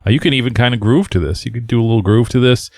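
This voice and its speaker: In this casual record-review chat, a podcast co-host with a medium-pitched voice talks rapid-fire about a punk record. He rambles in a relaxed way with frequent fillers, laughs, and easygoing asides, captured in studio quality with no echo.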